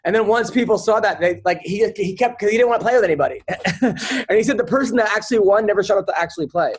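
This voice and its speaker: A man with a high-pitched voice hosts a loose, casual podcast chat. He rambles through his stories, stopping and restarting his sentences as he goes. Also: fast, breathy edge. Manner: rambling storyteller with many restarts. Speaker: podcast host.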